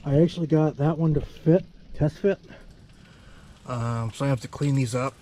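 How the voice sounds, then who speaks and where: A man narrating his own truck repairs in a relaxed, rambling way with many fillers. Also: medium pitch, normal speed, background noise. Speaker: DIY truck repair vlogger. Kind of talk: casual workshop narration.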